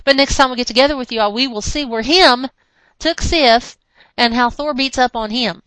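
Woman podcast co-host; animated casual recap, higher voice, dry close sound. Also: moderate pace, clean tone, dry recording, low-quality recording. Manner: animated retelling, slips into character voices. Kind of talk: casual comic book recap.

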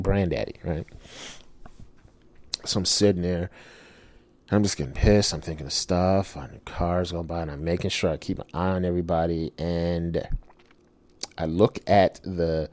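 Deep-voiced middle-aged man telling a story. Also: dry recording. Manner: animated, swearing, rhetorical asides. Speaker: self-published author telling a personal story. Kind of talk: casual storytelling monologue.

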